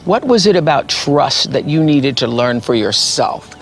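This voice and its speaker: A man's voice: mid-range voice, lively intonation, measured pace, slight background noise. A man interviewing a guest, reflective and affirming with short replies. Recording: music playing underneath.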